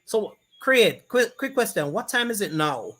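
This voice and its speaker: A man's voice: high-pitched, big pitch swings, measured pace, pushed and bright. A man with a Jamaican accent hosting a casual live stream, reading viewer comments aloud and greeting people by name.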